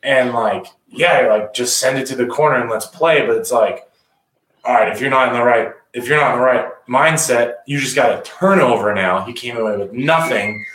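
Male rugby pundit, ex-captain, animated and casual, mid pitch, echoey room. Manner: animated, acts out players' talk in quick voices. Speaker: rugby analyst, former captain. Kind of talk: casual sports podcast analysis. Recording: roomy echo.

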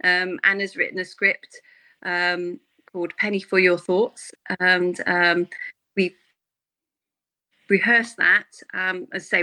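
A woman's voice: on the low side, bright, forceful tone, no room sound, rough recording. A woman, an actress guest in a casual podcast interview, chatting freely, laughing often and trailing off mid-sentence.

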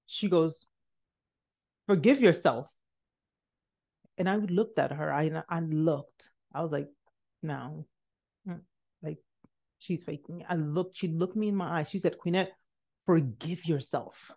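A woman hosting a podcast, telling a motivational personal story and acting out the voices in it, jumping high for quotes and dropping to a hush for asides. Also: moderate pace, gravelly. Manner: animated, acts out quotes with big pitch jumps and hushed asides. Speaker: podcast host.

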